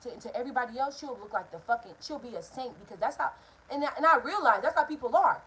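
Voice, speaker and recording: A young woman tells a story from her own life in a loose, cursing vlog manner. Her voice sits a bit high, and she jumps from loud outbursts to hushed asides. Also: fast talker, a little hiss or hum, rough recording. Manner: animated, profane, swings between loud outbursts and hushed asides. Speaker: vlogger. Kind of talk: casual storytime.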